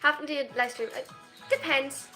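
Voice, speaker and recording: A woman's voice: high voice, fairly even intonation, a little fast, bright, forceful tone, faint music behind. A 22-year-old woman from Germany, live-streaming at home and reading viewer comments aloud. She talks in a shy, self-conscious way, with hesitant restarts and nervous laughs.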